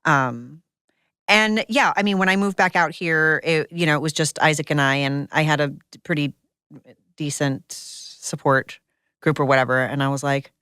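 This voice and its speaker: A woman's voice: low voice, moderate pace, bright, forceful tone, smooth, no echo. A woman podcast guest chatting casually, with a dry, understated humor. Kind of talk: casual chat.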